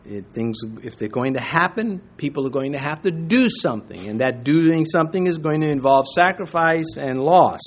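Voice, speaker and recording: A man's voice: a little high, expressive, moderate pace, hardly any pauses. A man teaching through a Bible chapter as a pastor, folksy and chatty, with joking asides and frequent restarts.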